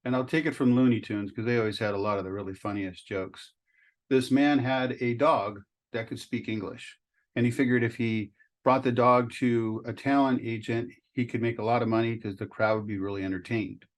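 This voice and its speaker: A man's voice: medium pitch, fairly even intonation, moderate pace. A man giving casual commentary on a court clip, with a wry, sarcastic sense of humor, who also tells jokes. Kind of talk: casual commentary and joke telling.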